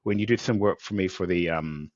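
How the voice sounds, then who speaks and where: A man hosting a podcast interview speaks in a fairly low voice, enthusiastic and given to rambling. The sound is dry and dull, like a remote recording without much room to it. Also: brisk, dry recording. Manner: enthusiastic, rambling, acts out quotes. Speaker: podcast host. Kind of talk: conversational interview.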